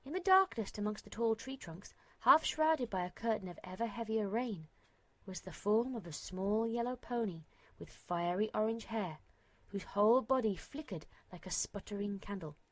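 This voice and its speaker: A woman narrating a fantasy storybook in an expressive, dramatic reading. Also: medium pitch, normal speed, dry recording.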